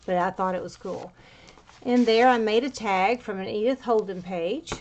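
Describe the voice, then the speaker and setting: Showing off a handmade journal, a crafter chats her way through the pages in a loose, filler-laden walkthrough, a bit short of breath. Her voice is medium-pitched and darkish at a normal speed, and the audio has its highs cut off.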